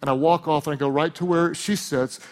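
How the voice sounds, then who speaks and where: A man with a high, bright voice preaches in an animated, humorous way, leaning into jokes with the crowd and swelling to shouts on the points he wants to land. He delivers it as a pastor speaking from the stage of a large church. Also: fairly quick. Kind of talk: sermon.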